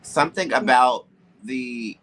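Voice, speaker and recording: A man's voice: medium pitch, slow pace, fairly bright tone. A man co-hosting a podcast, talking candidly and emphatically in casual chat, with side remarks. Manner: candid, emphatic, drops into asides. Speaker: podcast co-host. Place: home, with building noise nearby.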